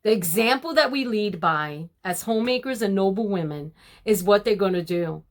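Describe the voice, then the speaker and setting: An older woman, a grandmother, talking casually to her viewers about homemaking and faith, addressing them as ladies in a warm, preachy way. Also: medium pitch, animated, moderate pace. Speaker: homemaking vlogger. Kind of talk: casual devotional talk to viewers.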